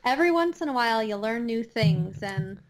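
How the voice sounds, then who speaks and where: A woman's voice: a little high, lively intonation, fairly quick. A woman from the Chicago area with a Midwestern accent, a guest chatting casually and laughing often. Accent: Midwestern American. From Chicago area, Illinois. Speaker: podcast guest, astronomer. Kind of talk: casual chat.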